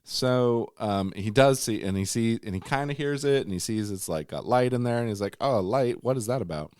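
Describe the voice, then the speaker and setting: A man's voice: mid-range voice, normal speed, a little mellow, clean tone, dry recording, studio quality. A man co-hosting a podcast, casually and playfully retelling a story and putting on mock voices for the character. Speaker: podcast co-host.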